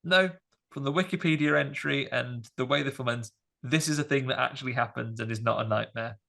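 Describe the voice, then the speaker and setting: A man hosting a podcast, chatting casually about a film in a rambling, animated way with many fillers. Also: mid-range voice, fairly quick, gravelly. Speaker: podcast host. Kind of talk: casual film review chat.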